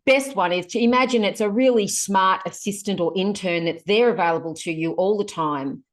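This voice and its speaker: A woman, chatting casually as a guest on a podcast, in a lively and colloquial way. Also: medium pitch, moderate pace. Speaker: guest, productivity author.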